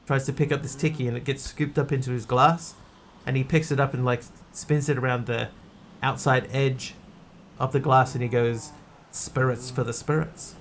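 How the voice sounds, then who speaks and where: A man's voice: mid-range voice, steady tone, normal speed, slight background noise. A man streaming a game, chatting casually in a rambling, wry way. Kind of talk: casual gameplay chat.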